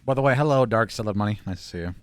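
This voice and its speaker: A man's voice: on the low side, racing, smooth, dry recording, faint music behind. A man co-hosting a coding livestream, chatting casually, joking and guiding his partner through the code. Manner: encouraging, joking, guides the coder. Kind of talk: casual chat while coding.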